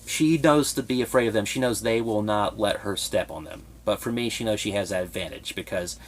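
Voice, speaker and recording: A man's voice: lowish voice, fairly quick. A young man telling a personal story in a confessional vlog, hesitant and emotionally raw, often restarting his sentences. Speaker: vlogger.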